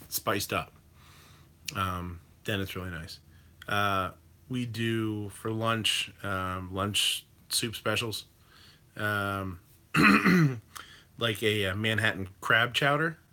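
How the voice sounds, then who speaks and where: A man's voice: lowish voice, bright, forceful tone. A man hosting a livestream, chatting casually and rambling with fillers and swearing while reacting to viewer comments. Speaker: livestream host reading chat. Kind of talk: casual chat.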